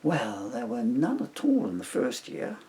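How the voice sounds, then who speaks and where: A middle-aged man reading his own comic story aloud with wry, deadpan humour. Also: mid-range voice, measured pace. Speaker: author reading his book.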